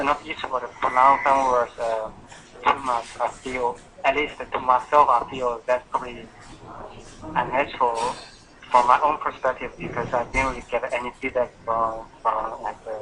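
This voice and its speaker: A man's voice: mid-range voice, sharp tone, slight background noise, rough recording. Hesitant man learning on a call. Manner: hesitant, many fillers. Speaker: student. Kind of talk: conversation in a lesson. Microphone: video call.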